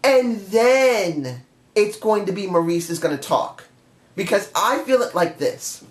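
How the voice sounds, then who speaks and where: Passionate man reviewing, echoey room. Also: sits high. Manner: passionate, emotional, talks straight to viewers. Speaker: wrestling show reviewer. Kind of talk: casual solo review monologue.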